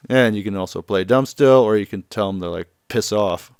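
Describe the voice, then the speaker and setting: A man's voice: lowish voice, fairly quick, a little mellow, smooth, no room sound. A young man casually recapping a video game, chatty and laughing, loosely acting out the characters' lines.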